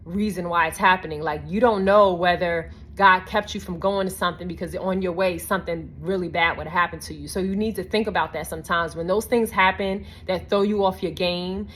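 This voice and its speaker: A woman telling a personal story in a casual vlog, animated and earnest, with many "I'm like" asides and a reflective, faith-minded close. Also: on the low side, fairly quick, few pauses. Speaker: vlogger.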